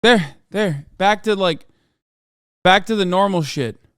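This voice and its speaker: Brief: man in his thirties, streamer arguing with chat, fast profane rants, high clear voice, dry close sound. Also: no room sound. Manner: profane, ranting at chat, swings to yelling. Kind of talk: live stream reaction and chat rant.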